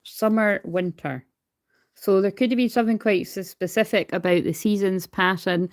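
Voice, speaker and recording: A woman's voice: medium pitch, fairly even intonation, moderate pace. A woman doing a casual livestream card reading into a phone. She is chatty, swears freely and calls herself hyper. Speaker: tarot card reader.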